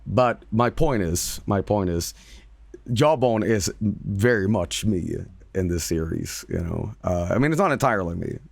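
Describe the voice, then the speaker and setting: A man chats casually on his stream, emphatic and quick to repeat himself, swearing freely. His pitch moves in lively leaps. The sound is dry and close to the mic. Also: vocal fry, no room sound. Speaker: streamer and voice actor. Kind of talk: casual livestream chat.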